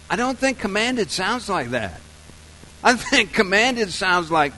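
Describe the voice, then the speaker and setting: A man preaching a sermon, telling a story softly and slowly, then building to loud, emphatic points. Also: high-pitched, big pitch swings, slight background noise, rough recording. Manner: storytelling, soft and slow in scenes, rising loud and emphatic for points. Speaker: pastor.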